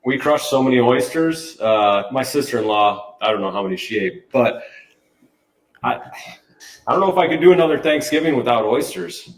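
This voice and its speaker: A man's voice: mid-range voice, lively intonation, moderate pace. A man who is a guest on a podcast, chatting casually in a rambling, upbeat way with many restarts. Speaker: podcast guest, brand manager. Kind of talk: casual interview chat. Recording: roomy, distant mic.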